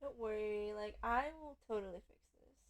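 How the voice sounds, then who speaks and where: A woman's voice: mid-range voice, normal speed, voice pushed down, lightly acted. A woman putting on the voice of a ditzy, self-absorbed valley girl, drawling and full of "like". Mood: sassy.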